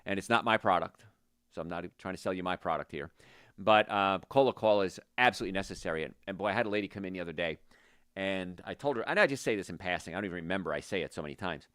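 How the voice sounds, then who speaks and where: A middle-aged man hosting a casual health talk, folksy and rambling, going off on tangents and pitching his services. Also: fast, a bit bright, no echo, studio quality. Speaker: health practitioner and show host.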